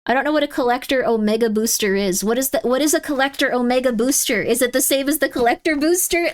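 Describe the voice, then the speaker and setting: A woman streaming live, chatting casually and rambling in exasperated disbelief, her voice often jumping up in pitch. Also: fairly quick.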